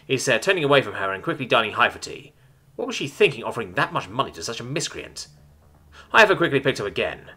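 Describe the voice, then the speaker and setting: Expressive male story narrator. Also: lowish voice, quick pace, breathy edge, faint music behind.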